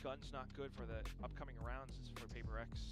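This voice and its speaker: A man calling an esports match play by play, describing positions in measured calls. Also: medium pitch, steady tone, music in the background. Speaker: esports caster. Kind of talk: play-by-play commentary. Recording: broadcast with crowd noise.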